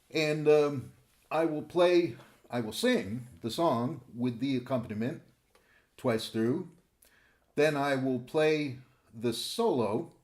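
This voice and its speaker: A man with a sick, rough voice calmly explaining banjo accompaniment patterns as a teacher. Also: mid-range voice. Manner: calm, methodical explaining. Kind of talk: instructional talk.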